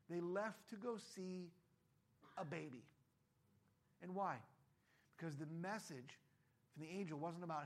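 A male pastor preaching a sermon, animated, asking rhetorical questions and briefly acting out the voices of figures in the story. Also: a little high, normal speed, pauses often.

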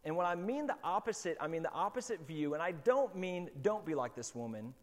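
A man preaching a sermon as pastor, in a relaxed, conversational way with lots of fillers. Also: on the high side, fairly quick, long reverb tail.

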